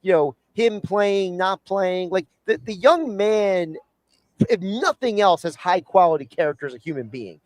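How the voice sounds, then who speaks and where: A man's voice: high-pitched, expressive, normal speed, darkish tone, dry recording. A man hosting a sports radio show, chatting animatedly with guests and reading sponsor copy.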